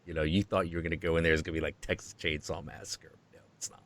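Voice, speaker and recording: A man in a casual chat who speaks slowly and reflectively, musing with many pauses. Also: a bass voice, little pitch movement, a bit bright.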